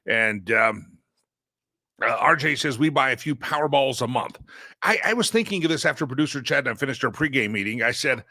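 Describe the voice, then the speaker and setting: Rambling, bright-voiced male talk host. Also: mid-range voice, lively intonation, brisk, dry recording, clean studio sound. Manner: rambling, self-interrupting, playful. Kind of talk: casual solo talk show monologue. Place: broadcast studio. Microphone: studio microphone.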